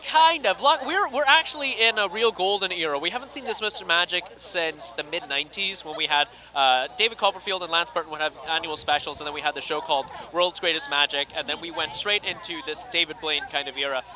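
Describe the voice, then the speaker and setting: A man with a Scottish accent, chatting quickly and animatedly in an interview at a red carpet event. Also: a little high. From Scotland. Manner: fast, animated, acts out quoted voices. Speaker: interviewee, actor and magician.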